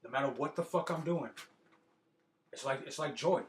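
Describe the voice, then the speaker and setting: A man hosting a podcast, speaking in a profane, animated casual monologue with a lot of repeated words. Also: fairly high pitch, moderate pace, a little hiss or hum. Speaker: podcast host. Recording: roomy echo.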